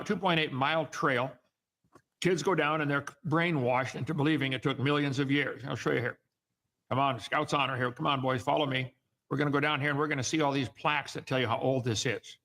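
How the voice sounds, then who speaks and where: Gravelly man lecturing emphatically. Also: mid-range voice, bright, forceful tone. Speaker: host. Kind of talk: argumentative call-in commentary.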